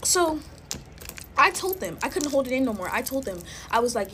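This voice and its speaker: A woman's voice: on the high side, very animated, a little fast, fairly bright tone, a little hiss or hum, rough recording. A woman in her twenties chatting casually while making slime, drawling and filling her talk with "like" and "y'all". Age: 20s.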